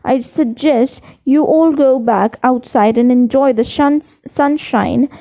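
A woman's voice: sits high, slow pace, dark tone. A woman reading as a stern older professor. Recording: dull lo-fi recording.

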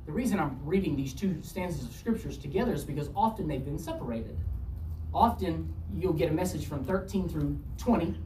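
A woman's voice: mellow, slight background noise. Woman preacher, scripture reading with acted dialogue, distant mic, echoey room. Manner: reads scripture aloud and acts out dialogue with a shifting pitch. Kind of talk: sermon. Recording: roomy echo, distant from mic, faint ambience.

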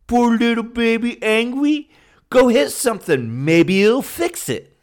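A man's voice: very high-pitched, animated, unhurried, voice pushed up. A man doing a taunting baby-talk mocker. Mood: mocking. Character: grown man mockingly taunting an angry young man.

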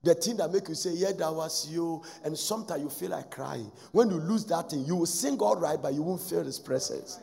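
A man preaching a sermon as pastor, swinging between loud exhortation and hushed asides. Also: a little high, expressive, fairly quick, creaky, few pauses, slightly rough. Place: church hall. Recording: echoey church hall with faint music. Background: faint music.

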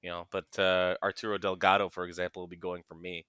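A man co-hosting a casual podcast, rambling in a relaxed way and trailing off into low mutters. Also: fast, clear, resonant tone, no echo, clean studio sound. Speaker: podcast co-host. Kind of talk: casual chat about a fantasy baseball league.

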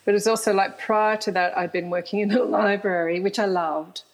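A woman's voice: mid-range voice, steady tone, normal speed, poor audio. A middle-aged woman, a guest telling frank stories in an interview and laughing often. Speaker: guest, author. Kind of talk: candid storytelling interview.

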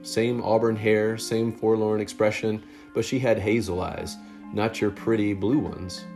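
A man's voice: lowish voice, a little slow, gravelly, faint music behind. A man voicing a kind young soldier ghost. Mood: kindly. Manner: kind, calm and reassuring.

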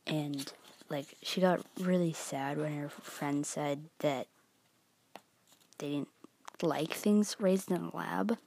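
A woman's voice: low-pitched, slow pace, gravelly, pauses often, warm tone, slight background noise. A young woman casually rambling through a manga review with lots of fillers and giggles. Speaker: vlogger. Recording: guitar music playing behind voice.

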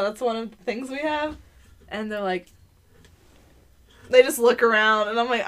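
A twentysomething woman chats casually on a podcast, her mid-range voice fairly bright and her pace moderate. She vents bluntly and with plenty of profanity, mocking customers in put-on voices.

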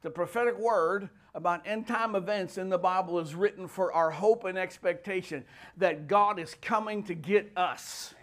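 Male pastor, high voice, fervent sermon delivery with loud shouted peaks. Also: moderate pace. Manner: fervent preaching, rising to shouts.

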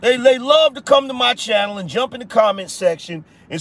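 A man hosting a live-stream political podcast, talking in a mocking, repetitive way, and now and then breaking into shouts and slang aimed at his chat. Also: very high voice, lively intonation, a little fast, few pauses, no echo. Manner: slangy, addresses chat as y'all and brother. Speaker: podcast host.

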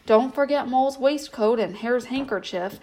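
A woman voicing a band of sly, thieving weasels in a storybook, quick and bossy. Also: fairly high pitch, darkish tone, slight background noise, pitched above the performer's own voice, natural voice. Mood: sneaky.

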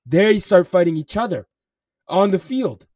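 A man's voice: sits high, lively intonation, measured pace, a little mellow, dry recording, clean studio sound, far from the mic. A young man co-hosting a podcast, telling a story in casual chat, swearing often and filling with "like" and "bro". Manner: swears a lot, says "bro" and "like" constantly. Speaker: podcast co-host.

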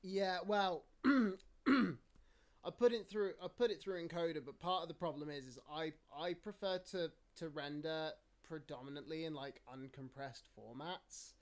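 An English-accented man hosting a laid-back podcast chat. His voice sits a bit high for a man, and he rambles loosely, swears freely and laughs between points. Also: unhurried. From England. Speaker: podcast host. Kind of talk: casual chat.

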